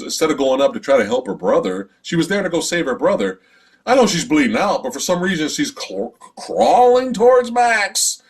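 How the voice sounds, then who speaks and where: Husky, exasperated male movie reviewer. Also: medium pitch. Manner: exasperated, profane, sarcastic. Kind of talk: casual spoiler review rant.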